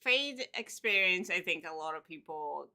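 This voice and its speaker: A woman co-hosts a casual live stream, mostly chiming in with short remarks and soft agreement. Her voice is bright with a gravelly, creaky edge. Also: fairly low pitch, lively intonation, moderate pace. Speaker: co-host.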